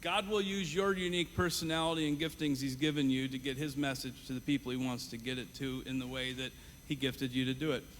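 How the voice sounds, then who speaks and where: Bright-voiced man hosting a stage game. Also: medium pitch, little pitch movement, quick pace. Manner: upbeat, encouraging, casual. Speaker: game host. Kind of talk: live teaching demo. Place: conference stage. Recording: reverberant hall, faint noise.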